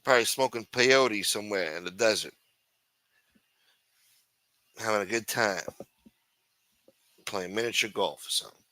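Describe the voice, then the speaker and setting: A man's voice: lowish voice, moderate pace, long pauses, bright, forceful tone, dry recording. A man hosting a casual livestream show, rambling and teasing with plenty of profanity. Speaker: show host.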